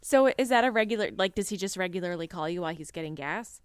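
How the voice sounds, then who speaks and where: Podcast co-host, woman, mid-pitch, easygoing, laughs a lot, dry close sound. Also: fast, smooth, no room sound. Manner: relaxed, laughs often, short agreeing replies. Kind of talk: casual chat.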